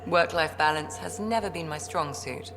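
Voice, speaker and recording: A dry, gravelly-voiced ship doctor. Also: female voice, sits low, moderate pace, over music. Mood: wry. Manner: dry, teasing and self-deprecating.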